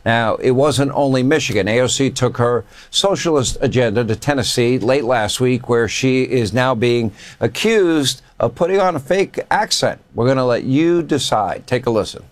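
A man's voice: mid-range voice, moderate pace, few pauses. A man hosting a cable news talk show, introducing clips and chatting with his guest. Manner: chatty, amused, conversational.

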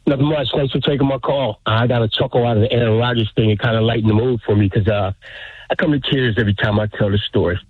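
A man, a military veteran, calling in to a radio show and telling a story earnestly, a little haltingly. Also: mid-range voice, fairly even intonation, husky, dry recording. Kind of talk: phone-in story. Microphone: phone. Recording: tinny phone line.

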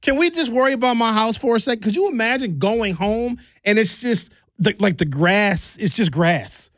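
Radio host, male, from Milwaukee; rambling comic banter, higher-pitched voice, dry booth. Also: expressive, normal speed, fairly bright tone, dry recording. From Milwaukee, United States. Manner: rambling, joking, swings pitch for effect. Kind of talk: casual comedic studio chat. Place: radio studio.

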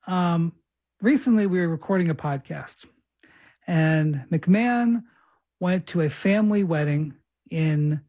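A man's voice: on the high side, measured pace, warm tone. A man hosting a podcast, chatting casually and telling long rambling stories about his own mix-ups. He pokes fun at himself and doubles back to restart his sentences as he goes. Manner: rambling storyteller, self-mocking. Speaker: podcast host. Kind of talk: casual chat.

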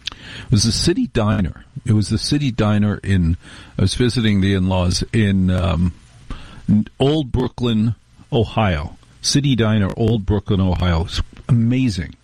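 A man's voice: fairly low pitch, measured pace, darkish tone, no room sound. A middle-aged man hosting a talk radio show, telling rambling, wry stories with restarts in a casual monologue.

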